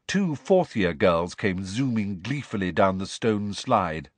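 A man's voice: fairly low pitch, slow pace, no echo. A man narrating a storybook expressively as an audiobook reader. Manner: expressive storytelling that shifts voice for each character. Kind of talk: scripted narration.

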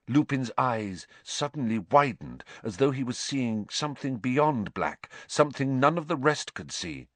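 A man reading an audiobook story with slow, expressive narration. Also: mid-range voice, no echo.

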